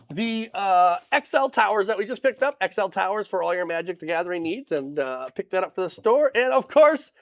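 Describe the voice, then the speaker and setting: Recorded on a camera mic facing a monitor, with no room sound, a high-voiced man streams live from his little hobby shop. He rundowns new products casually, upbeat and hype-driven, tossing in goofy asides.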